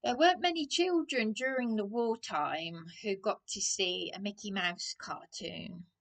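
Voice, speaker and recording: Slow, halting middle-aged woman ranting. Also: medium pitch, creaky. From England. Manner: halting, many restarts, drops into hushed asides. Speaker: vlogger. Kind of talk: rambling rant to camera.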